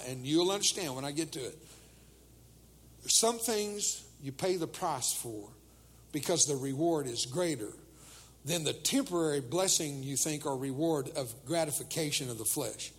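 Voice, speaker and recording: A man's voice: fairly high pitch, fairly bright tone, slightly rough, in a large hall. An older man preaching a humorous sermon to teenagers, telling jokes and acting out the voices of people in his stories.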